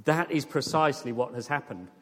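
A man preaching a sermon with earnest, lively emphasis that rises to emphatic peaks. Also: mid-range voice, fairly quick. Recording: long hall reverb.

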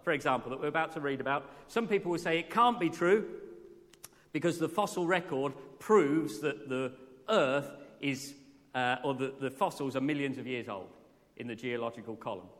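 During a morning church service, a man with a mid-range, fairly bright voice preaches at normal speed. His earnest, conversational delivery often turns questions toward the congregation, and the hall adds a long reverb.

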